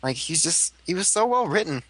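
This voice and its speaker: Bright, excitable young-sounding man. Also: fairly high pitch, brisk, breathy edge, no room sound. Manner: enthusiastic, laughing often, acts out quotes. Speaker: podcast co-host. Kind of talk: casual fan chat.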